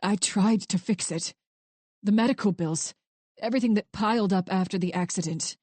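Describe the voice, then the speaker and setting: A woman voicing a guilt-ridden adult man who confesses in a low, halting, strained voice. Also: a little mellow, no echo, close to an everyday voice. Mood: ashamed.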